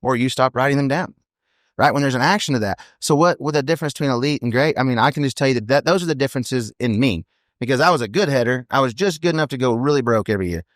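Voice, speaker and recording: A man, a podcast guest telling blunt, rapid stories in casual chat. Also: mid-range voice, no echo, studio quality. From United States. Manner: blunt, fast storytelling with many "you know what I mean"s. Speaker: podcast guest, team roper.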